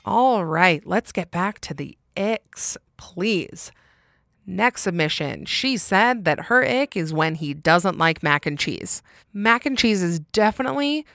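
A woman's voice: lowish voice, fairly bright tone, no echo, studio quality. Chatty opinionated young woman podcaster. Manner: chatty and opinionated, laughing often. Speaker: podcast host. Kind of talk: casual solo podcast chat.

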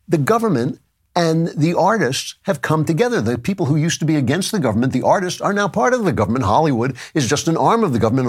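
A man hosting his own podcast, giving a conversational lecture with asides and reading an ad. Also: medium pitch. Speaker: podcast host. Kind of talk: monologue and read ad.

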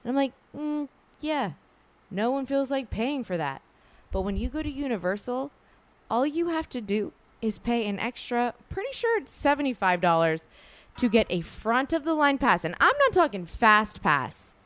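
A woman, hosting a podcast in a casual, slangy way full of asides. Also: on the high side. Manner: chatty, slangy, fast asides, frequent "like". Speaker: podcast host. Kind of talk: casual chat with ad read.

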